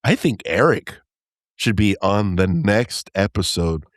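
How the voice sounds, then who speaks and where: A man co-hosting a relaxed podcast chat, his pitch sitting on the low side but bouncing around a lot as he talks. He keeps a playful, joking manner. The sound is close and dry, with no room around it. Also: dry recording. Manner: playful, joking, quick to laugh. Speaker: podcast co-host.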